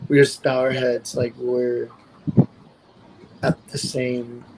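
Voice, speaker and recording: A man's voice: mid-range voice, level tone, slow. A man hosting a casual live stream, rambling through stories from his own life and acting out what people said. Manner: rambling storyteller who acts out quotes. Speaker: host. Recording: noisy home stream audio.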